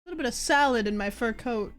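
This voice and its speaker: A woman's voice: a little high, expressive, fast talker, fairly bright tone. A woman streamer chatting casually and playfully, giggling and swearing as she talks. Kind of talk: casual livestream chat.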